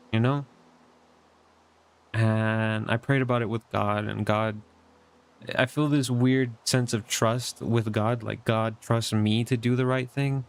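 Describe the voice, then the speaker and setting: A young man sharing a casual personal update from his bedroom at home, in an earnest, reflective way that rambles with many fillers. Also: medium pitch. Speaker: vlogger.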